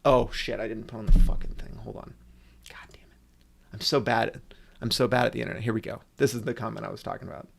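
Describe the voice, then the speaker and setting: Man, livestream host, gravelly voice, sarcastic profane rant. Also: lowish voice, fairly even intonation, quick pace. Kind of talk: casual livestream commentary.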